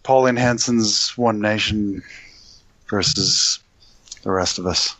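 A man's voice: on the low side, slow pace, a bit bright, dry recording, rough recording. An Australian man co-hosting a podcast in casual chat, with dry, joking banter. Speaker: podcast co-host.

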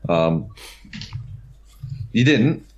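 A man's voice: lowish voice, expressive, very slow. A man co-hosting a casual podcast chat, ranting in a heated, profane way. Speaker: podcast co-host. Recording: dull lo-fi audio.

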